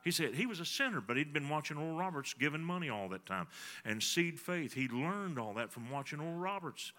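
Bright-voiced preacher storytelling. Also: male voice, fairly high pitch, very animated, a little fast. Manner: storytelling, folksy, swings from soft confiding to emphatic. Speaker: pastor. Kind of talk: sermon.

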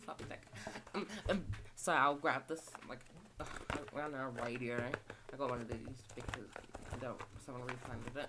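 Low, gravelly Australian young woman rambling. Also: background noise. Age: young adult. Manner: rambling, chatty, acts out shop exchanges. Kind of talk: casual rant vlog.

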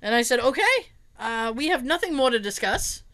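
A woman with a high voice talks briskly in casual chat. She's an animated storyteller, telling funny stories, acting out what people said, laughing often and swearing freely.

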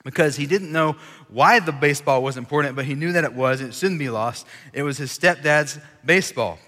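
A man's voice: fairly high pitch, brisk. A man, preaching a casual, storytelling sermon to a young adult gathering. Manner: animated, chatty, audience-engaging. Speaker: college ministry preacher. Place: large church hall. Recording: long reverb in a large hall.

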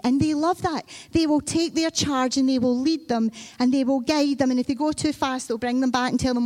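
A woman preaches a sermon in a conversational, storytelling style, acting out children and Bible figures. Her voice sits high and steady, slightly mellow, and she talks fairly quickly with few pauses.

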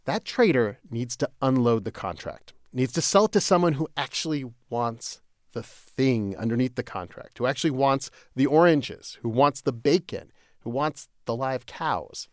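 A man co-hosting a podcast, explaining finance in a lively, animated way that often breaks into laughter. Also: medium pitch, normal speed, no room sound, clean studio sound. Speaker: podcast co-host, economics reporter. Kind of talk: casual chat, scripted explainer.

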